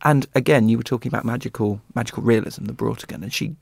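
A man's voice: medium pitch, quick pace, vocal fry, husky, no echo. A man chatting as a guest, telling an enthusiastic story about a book. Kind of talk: casual chat.

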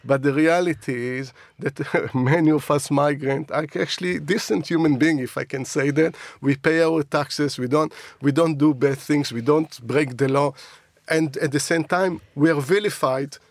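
A man's voice: on the high side, normal speed, hardly any pauses, dry recording. A man who learned English as a second language, speaking earnestly as a guest on a radio panel in a studio. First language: not English. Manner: earnest, emphatic, some broken grammar. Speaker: guest commentator.

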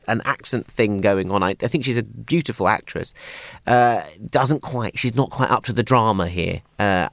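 A man reviewing films on a radio show, scathing and chatty. He mocks with quick asides, and the studio sound is dry and close. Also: mid-range voice, no echo. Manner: scathing, chatty, with mocking quotes. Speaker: film critic. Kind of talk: radio film review chat.

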